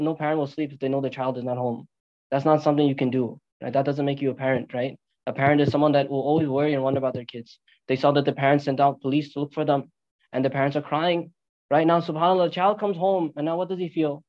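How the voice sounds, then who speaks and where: A man preaching a sermon in an animated storytelling way, asking rhetorical questions and using Arabic religious phrases. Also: a little high, dull audio. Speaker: Islamic preacher.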